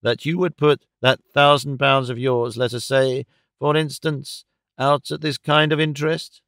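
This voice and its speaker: A man voicing a grave, thoughtful gentleman who speaks in a measured, earnest way. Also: mid-range voice, steady tone, smooth, no room sound, studio quality.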